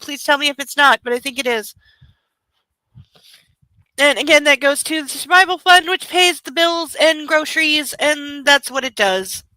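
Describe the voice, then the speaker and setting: Chatty woman with a bright high voice. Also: no echo. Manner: chatty, rambling, doting asides to her dog. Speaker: streamer reading aloud to chat. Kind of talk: casual livestream chat.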